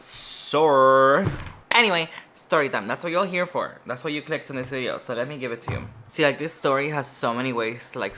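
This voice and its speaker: Woman vlogger with a Spanish mother tongue, bright tone, swears freely and jokes at her own expense. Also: low-pitched, slight background noise. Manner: chatty, profane, self-mocking jokes. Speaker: beauty vlogger. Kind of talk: casual get-ready-with-me storytime.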